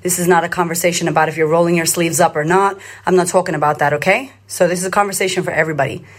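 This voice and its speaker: A woman in her thirties from Australia who coaches confidence, talking to her followers on a phone camera. Her voice sits a little low, and she speaks bluntly and with emphasis. She swears often and drives her points home by repeating them. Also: steady tone, racing. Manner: repetitive, rallying cadence. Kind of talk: live social media talk to followers.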